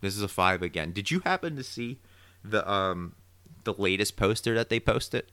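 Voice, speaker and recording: Low-voiced man theorizing in a podcast. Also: normal speed, clear, resonant tone, no echo. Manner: opinionated, animated theorizing. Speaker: podcast co-host. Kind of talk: casual recap chat.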